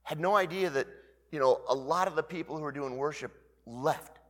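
A man in his fifties preaching as pastor, telling a personal story in an animated way that swings between loud bursts and hushed asides. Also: fairly high pitch, moderate pace, in a large hall. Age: 50s. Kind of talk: storytelling sermon.

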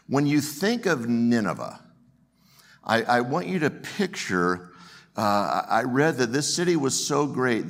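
A man preaching a sermon as pastor, earnest and storytelling, often repeating the first word of a phrase. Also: medium pitch.

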